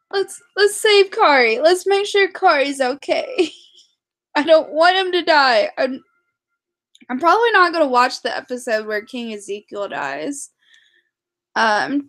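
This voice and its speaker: A young woman vlogging casually to camera, rambling and excitable, with many fillers and restarts. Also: high-pitched.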